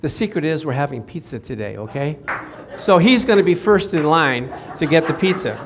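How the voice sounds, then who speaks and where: A man preaching a casual, lively sermon in a high voice, tossing questions to the people in front of him and chuckling as he drives each point home. He speaks in an easy, conversational way rather than a formal pulpit tone. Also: normal speed. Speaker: pastor. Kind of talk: sermon to a small congregation.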